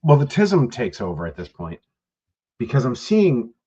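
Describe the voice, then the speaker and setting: A man's voice: medium pitch, wildly swooping pitch, moderate pace, mellow, lo-fi sound. A man co-hosting a podcast, telling rambling, profane stories in casual chat. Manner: rambling, profane storytelling with laughs. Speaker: podcast co-host.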